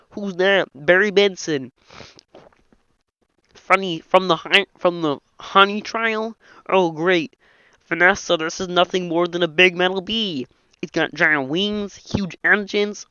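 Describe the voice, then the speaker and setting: A high, reedy frog voice, voices every character in a film script without changing the voice. The tone is bright and crisp. It sits close and dry on a dull lo-fi mic. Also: male voice, no room sound. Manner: voices all the film's characters in one frog voice. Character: [man doing] Kermit the Frog, nasal puppet frog. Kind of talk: comedic impression reading a film script.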